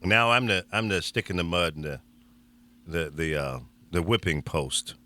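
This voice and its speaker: A man's voice: low-pitched, expressive, moderate pace, bright, forceful tone. A man hosting a radio talk show, telling a story in casual chat and chuckling as he goes.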